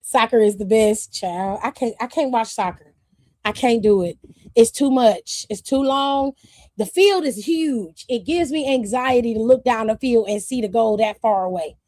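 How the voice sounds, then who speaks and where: A woman's voice: fairly high pitch, normal speed, a little mellow, no echo. A woman hosting a casual livestream chat, sassy and blunt, swearing freely and laughing often. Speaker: streamer host.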